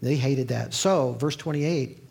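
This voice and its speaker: Gravelly-voiced man preaching conversationally. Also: medium pitch, a little slow, a little mellow. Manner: conversational teaching, with asides and restarts. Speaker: pastor. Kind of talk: sermon.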